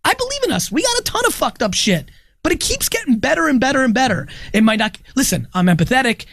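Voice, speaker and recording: A man's voice: very high voice, sing-song, quick pace, creaky, fairly bright tone, dry recording. A man talking emphatically in a casual podcast chat, repeating his points for stress. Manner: emphatic, repetitive, profane. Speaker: guest.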